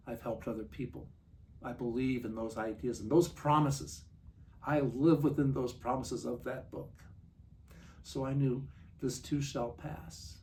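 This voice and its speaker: An older man in his sixties tells his own story of recovery in a plain, mid-pitched voice. He speaks earnestly and confidingly, drawing out the vivid details. The mic sits some way off, with a faint hum of noise behind him. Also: a little mellow, distant mic. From Montana. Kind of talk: personal testimony talk.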